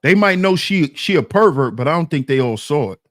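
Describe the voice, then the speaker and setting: A man's voice: fairly high pitch, animated, a little fast, a bit bright, no echo, clean studio sound. A man giving emphatic, repetitive reaction commentary on a clip, speaking to his chat.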